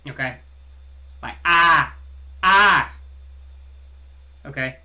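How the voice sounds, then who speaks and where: A man's voice: a little high, expressive, normal speed, bright, forceful tone. A man with a Southern American twang reviewing a comic in a loose, rambling podcast chat, often repeating words and swearing casually.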